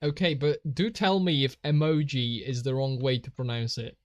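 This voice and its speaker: A man's voice: medium pitch, fairly even intonation, normal speed, dry recording, clean studio sound. A young man with a Polish accent, chatting casually on a drawing stream, laughing often. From Poland. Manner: giggly, laughs often, reads out chat. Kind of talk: casual live-stream chat while drawing.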